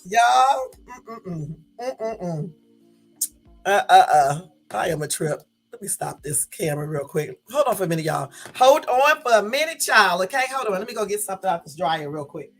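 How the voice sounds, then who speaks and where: A woman's voice: on the low side, animated, moderate pace, husky, soft background music, low-quality recording. A woman vlogger at home, chatting casually to her viewers late at night, laughing and rambling.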